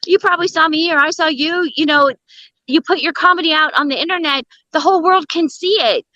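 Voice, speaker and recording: A woman stand-up comic telling bawdy stories as a guest in an interview, brash and animated. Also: high voice, a little fast, no room sound, dull audio. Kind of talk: comedic storytelling in an interview.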